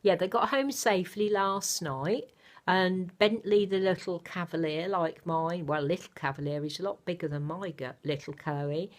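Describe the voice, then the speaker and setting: An older woman chatting casually to her camera at home, rambling gently with many fillers. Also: on the low side, moderate pace. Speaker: vlogger. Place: home, indoors.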